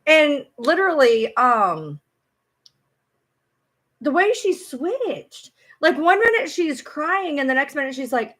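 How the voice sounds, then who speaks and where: A woman chatting casually on a livestream, animated, swearing freely and often breaking into laughter as she talks back to viewers. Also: high-pitched, takes it slowly. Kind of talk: casual live commentary.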